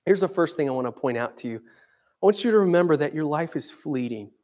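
A man's voice: on the high side, animated, fairly quick, a little mellow. A man preaching a sermon in a conversational way, dramatically acting out quoted voices. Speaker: pastor.

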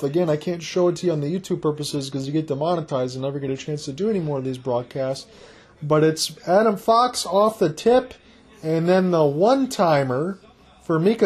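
Husky, high-voiced man calling hockey. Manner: rapid running call that jumps high and loud on big plays. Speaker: play-by-play commentator. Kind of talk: solo hockey play-by-play commentary.

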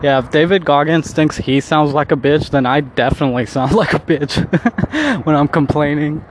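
A man's voice: fairly high pitch, steady tone, normal speed, background noise. A man talking casually to the camera outdoors, rambling with many restarts, swearing and laughing often. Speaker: vlogger.

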